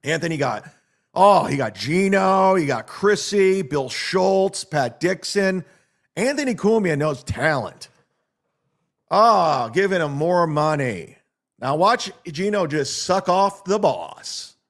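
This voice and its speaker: A man's voice: on the high side, expressive, slow pace, fairly bright tone. Sarcastic man ranting on a livestream. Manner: mocking, sarcastic; reads viewer donations aloud. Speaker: livestream host.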